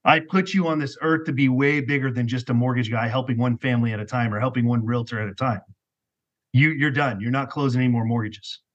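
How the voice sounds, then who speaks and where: A man voicing God as a booming, authoritative male voice while retelling a story. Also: fairly even intonation, fast, muffled recording, lightly acted. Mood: commanding.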